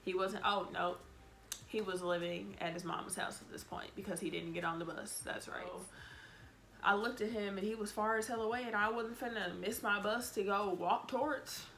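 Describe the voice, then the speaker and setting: A woman with a mid-range voice and moderate pace shares a storytime vlog, with a little hiss or hum in the background. She cusses freely, sounds blunt and exasperated, and animatedly reenacts her own words from back then.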